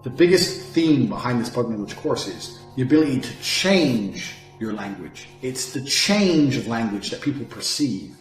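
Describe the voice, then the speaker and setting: A man's voice: sing-song, moderate pace, few pauses. Brash, swearing man in an echoey room. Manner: boastful, swings from loud outbursts to low mutters. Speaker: self-improvement speaker. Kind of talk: brash profane monologue. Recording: echoey room with faint music.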